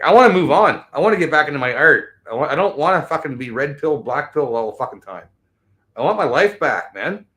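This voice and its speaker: Angry man in his fifties, ranting. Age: 50s. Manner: angry, profane, swinging between shouted bursts and low mutters. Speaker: show host. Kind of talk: profane political rant.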